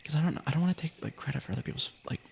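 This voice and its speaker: A man's voice: fairly high pitch, lively intonation, very fast, creaky, fairly bright tone, slight background noise. A young man whispering through an ASMR stream, giggling and cutting himself off as he chats and reads stories aloud. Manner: giggly, playful, keeps interrupting himself.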